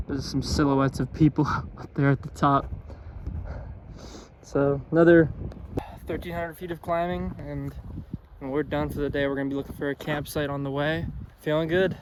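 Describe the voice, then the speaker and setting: A young man narrating his hiking trip in a relaxed, upbeat, chatty way, filmed outdoors on a mountain trail with a handheld camera. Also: a little high. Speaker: hiker filming his own trip. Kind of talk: casual vlog narration. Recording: noisy outdoor camera audio.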